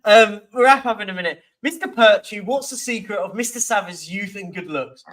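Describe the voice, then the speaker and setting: Upbeat English man, high bright voice. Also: brisk. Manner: upbeat, joking. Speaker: podcast co-host. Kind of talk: casual chat.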